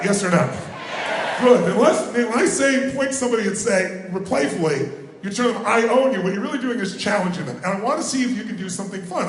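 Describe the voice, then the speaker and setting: A man giving a live motivational seminar talk, energetically calling on the crowd to answer and shout back. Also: very high-pitched, slight background noise. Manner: energetic, calls on the crowd for responses. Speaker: motivational speaker. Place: large hall with a live audience. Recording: roomy hall sound.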